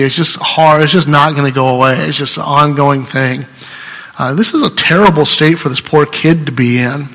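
A man's voice: fairly high pitch, pushed and bright, slightly rough. Earnest man preaching in an echoing hall. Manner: earnest, conversational, restarts mid-sentence. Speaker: pastor. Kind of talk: sermon.

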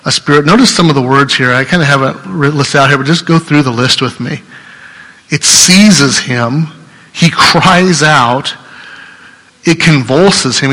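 A man's voice: mid-range voice, bright, forceful tone. Earnest man preaching in an echoing hall. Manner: earnest, conversational, restarts mid-sentence. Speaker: pastor. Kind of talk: sermon.

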